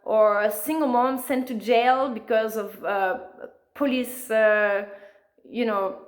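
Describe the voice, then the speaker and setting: Brief: a woman author in an interview, earnest and animated, fillers throughout, voice a touch high. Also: slow pace. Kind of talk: conversational storytelling.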